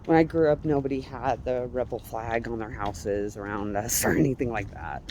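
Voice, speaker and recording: A woman's voice: very deep voice, moderate pace, warm tone. A woman from Colorado, chatting casually in a walking vlog outdoors on a residential street, laughing often and cursing now and then. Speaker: vlogger. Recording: faint street noise outdoors. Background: passing traffic.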